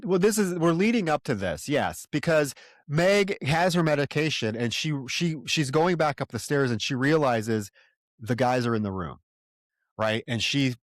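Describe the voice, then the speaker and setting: A man's voice: mid-range voice, dry recording. A man with an everyday mid-range voice recaps movie scenes in a rush of casual, profane storytelling. The sound is dry and close, with no room around it. He talks like he's telling a friend what just happened. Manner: animated scene-by-scene retelling, swears freely. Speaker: podcast co-host. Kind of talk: casual film-discussion chat.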